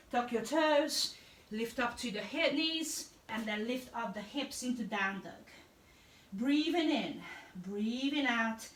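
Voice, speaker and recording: Woman yoga teacher, higher voice, calm steady cueing, echoey room, mic set back. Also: distant mic. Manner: calm, encouraging cueing of breath and poses. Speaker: yoga and pilates instructor. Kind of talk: guided yoga class instruction.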